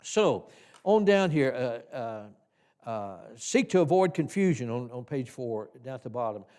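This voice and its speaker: A man teaching a Sunday class in a church, folksy and halting, with frequent restarts and fillers. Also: mid-range voice, very animated, darkish tone. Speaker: Sunday school teacher trainer. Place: church hall.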